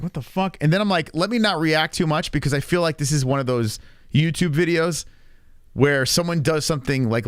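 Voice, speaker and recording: A man rambles through a casual livestream chat, crude and joking, his pitch jumping all over as he reacts to chat. The sound is dry and close. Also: no echo. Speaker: livestream host.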